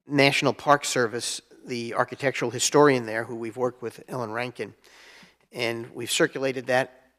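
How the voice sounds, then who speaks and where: Halting man chairing a meeting. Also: mid-range voice, fairly bright tone. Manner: halting, with frequent fillers. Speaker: mayor presiding over council meeting. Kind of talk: council meeting remarks.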